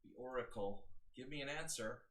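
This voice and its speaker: A man's voice: mid-range voice, normal speed, fairly bright tone, low-quality recording. A man coaching chess on a live stream, chatty and joking as he thinks aloud through the moves. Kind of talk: live-stream game analysis.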